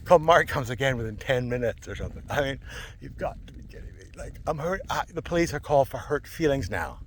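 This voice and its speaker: A man's voice: mid-range voice, animated, quick pace, a little hiss or hum. A man talking to camera in a rambling, digressive monologue, repeating himself and laughing often. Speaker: vlogger.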